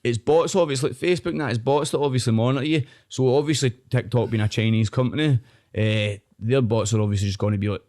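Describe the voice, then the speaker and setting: A man's voice: mid-range voice, fast, darkish tone. A young Scottish man, a podcast guest, rambling in casual chat and often tagging his sentences with "know what I mean".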